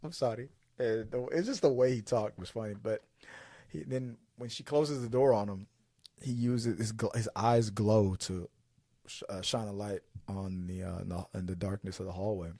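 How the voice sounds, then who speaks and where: A man's voice: fairly low pitch, steady tone, moderate pace, warm tone, no room sound, clean studio sound. A man hosting a podcast, chatting casually about movies, rambling and restarting his sentences and acting out scenes as he goes. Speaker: podcast host.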